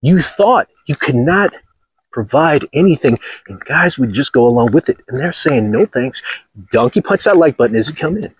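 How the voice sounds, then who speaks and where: A man's voice: a little high, expressive, normal speed, slightly rough, rough recording. A man from Los Angeles, hosting a blunt, crude vlog rant while walking outdoors on a golf course. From Los Angeles, USA. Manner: blunt, crude and mocking, laughs often. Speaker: channel host.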